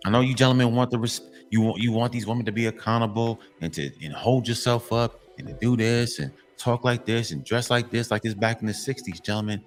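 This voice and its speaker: A man delivers a blunt, lecturing monologue to men, hammering the same points again and again and swearing freely. His voice sits at an ordinary middle pitch. Faint music plays softly behind him. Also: a little fast, few pauses. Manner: emphatic and repetitive, lecturing; profane, blunt. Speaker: commentary channel host.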